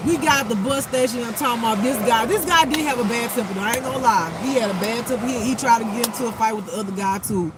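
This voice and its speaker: A man's voice: very high-pitched, fast, few pauses. A man talking casually as a spiritual life coach, telling a story bluntly and animatedly with heavy swearing and acted-out quotes. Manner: acts out quotes in a raised voice. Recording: clear outdoor traffic noise. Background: passing cars and street noise.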